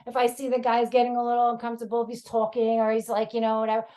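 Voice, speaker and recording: A woman's voice: on the high side, monotone, very fast, warm tone. A woman comedian with a New York accent, chatting frankly on a podcast with lots of fillers and laughter. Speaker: comedian guest. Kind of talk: casual podcast chat.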